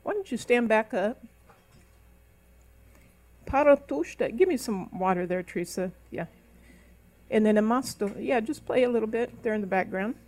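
At a church service, a middle-aged woman pastor preaches a sermon in a darkish, fairly high voice. Animated and brisk, she barely pauses, her manner preacherly and emphatic. She speaks in tongues and climbs into emphatic calls.

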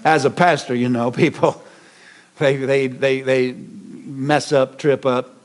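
A middle-aged man preaching a sermon as pastor, animated, with many repetitions and restarts. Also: mid-range voice, slow.

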